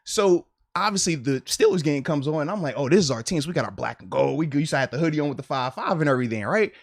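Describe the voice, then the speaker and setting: Animated laughing storyteller, a man. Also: a little high, fast talker, vocal fry, dry recording, clean studio sound. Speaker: podcast host, former player. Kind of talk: casual chat, storytelling.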